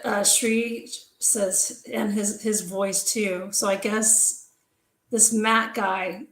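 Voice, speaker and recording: A woman co-hosting a casual livestream chat, talkative and quick to laugh, often trailing off and restarting. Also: mid-range voice, steady tone, a bit bright, roomy sound, a little hiss or hum, poor audio. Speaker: co-host.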